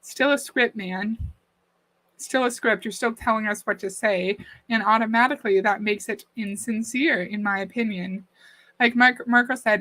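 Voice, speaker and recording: A woman with a bright, fairly high voice chats into a desk mic, critiquing a clip and greeting viewers by name. The sound is dry and close, with almost no room around her. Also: fairly even intonation, normal speed, dry recording, poor audio. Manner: critical, conversational, reads out comments. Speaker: livestream host reacting to a video. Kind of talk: casual commentary and chat.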